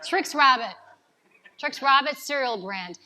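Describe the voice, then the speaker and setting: A woman from New giving an energetic coaching talk to a live audience, asking them questions. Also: high voice, unhurried, a little hiss or hum. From New York City. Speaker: speaker at a summit.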